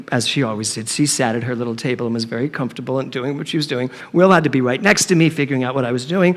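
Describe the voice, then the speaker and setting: A middle-aged man preaching a sermon, telling a humorous story and acting out the dialogue in a playful, animated way. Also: fairly high pitch. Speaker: minister. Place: church sanctuary. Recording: long reverb of a hall.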